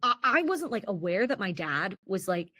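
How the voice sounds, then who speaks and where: A woman's voice: medium pitch, big pitch swings, normal speed, a bit bright, no room sound, studio quality. Chatty American woman telling her story. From United States. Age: 30s. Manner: rambling, full of "like" fillers and restarts, laughs often. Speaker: podcast guest. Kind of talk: casual personal storytelling.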